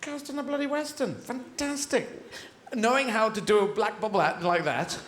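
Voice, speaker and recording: A man's voice: sits high, normal speed, noisy background. A man doing stand-up comedy on stage, talking animatedly and jumping between voices. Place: large theatre stage. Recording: echoey live theatre recording.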